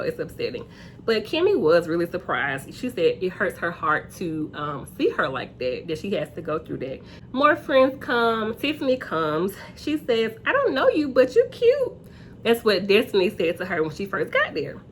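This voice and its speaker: A woman hosting a casual reality TV recap, chatty and acting out quotes in high voices. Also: sing-song, normal speed, slight background noise.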